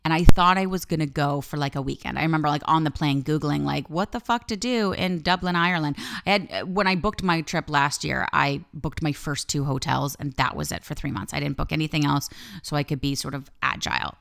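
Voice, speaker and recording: Low gravelly candid woman storyteller. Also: fairly quick. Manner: candid, swears freely, lively storytelling. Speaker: life coach and podcast host. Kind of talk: personal storytelling monologue.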